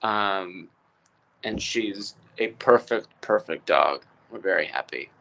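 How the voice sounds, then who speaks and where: A man in his forties, a guest on a casual podcast, talking relaxed and joking with many fillers. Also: low-pitched, slow pace, creaky, highs cut off. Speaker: actor, guest. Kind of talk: casual interview chat.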